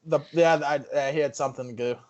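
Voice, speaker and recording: Rambling higher-voiced male podcast host. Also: fairly even intonation, fast talker, dull audio. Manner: rambling, restarts, raises topics for discussion. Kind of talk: casual chat.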